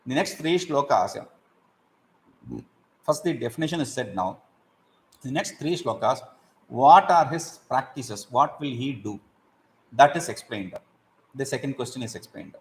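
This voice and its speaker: Animated man teaching scripture. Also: mid-range voice, a little slow, long pauses, rough recording. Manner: animated, acts out examples, chants Sanskrit verses. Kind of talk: explaining Sanskrit verses in a class.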